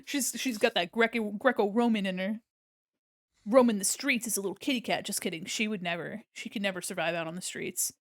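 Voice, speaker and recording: A woman's voice: mid-range voice, fairly quick, no echo, studio quality. A young adult woman streaming casually while she draws, rambling and giggling often and swearing freely.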